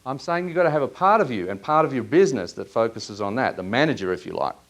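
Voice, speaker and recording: Aussie guy running a workshop, asks folks questions, lively, normal pitch. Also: fast. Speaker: workshop presenter. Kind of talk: live workshop coaching. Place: seminar room.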